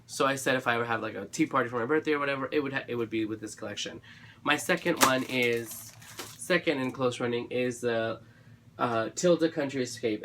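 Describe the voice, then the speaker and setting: Chatty bright-voiced man gushing about crafts. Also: mid-range voice, a little hiss or hum. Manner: chatty and gushing, lots of fillers and restarts. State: dry throat. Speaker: craft channel vlogger. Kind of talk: casual chat to camera.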